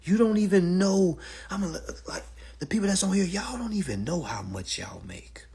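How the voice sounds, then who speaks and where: A man's voice: sits high, very animated, moderate pace, vocal fry, mellow, husky. A man telling a long profane story to an online audience, emphatic and repetitive, often saying "all right" and "y'all". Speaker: storyteller addressing a live audience.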